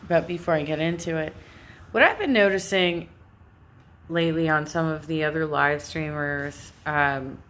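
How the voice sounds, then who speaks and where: Speaking at a normal speed in a low, fairly bright voice, a woman from Southern California with a Californian accent talks casually to her live stream viewers. Her monologue wanders and interrupts itself, broken up by occasional laughter.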